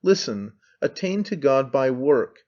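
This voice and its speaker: A man's voice: medium pitch, expressive, unhurried, a little mellow, natural voice. A man reading an audiobook voices a frantic, impassioned man who pleads and accuses with intensity. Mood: urging. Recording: slightly dull lo-fi sound.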